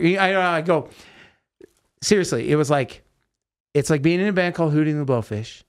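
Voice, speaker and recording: A man hosting a podcast in a studio, telling a story with lively voiced-out quotes. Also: a little high, normal speed, long pauses. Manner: animated storyteller acting out quotes. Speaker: podcast host. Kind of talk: casual storytelling chat.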